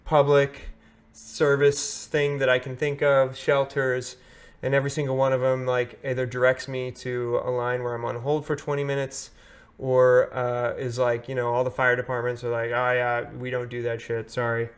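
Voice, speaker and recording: A man's voice: medium pitch, flat delivery, normal speed. A man vlogging, telling a story in a casual, rambling way with many fillers and restarts.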